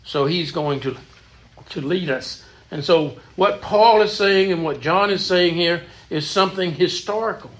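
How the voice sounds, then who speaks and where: A man's voice: high voice, unhurried, a bit bright. A man leading a church Bible study in an earnest, emphatic teaching manner, often repeating words as he goes.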